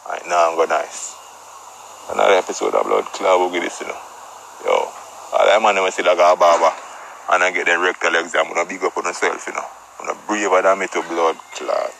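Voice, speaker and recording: A man's voice: sits low, vocal fry, fairly bright tone, a little hiss or hum, poor audio. A man with a Jamaican patois accent telling a comic story as a brash, profane tough guy.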